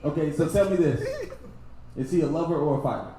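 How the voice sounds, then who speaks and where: A man's voice: on the high side, animated, fairly quick, distant mic, noisy background. A man doing stand-up crowd work at a live show, teasing the audience in a casual, slangy way. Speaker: stand-up comedian. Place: small comedy show venue. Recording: echoey room with audience.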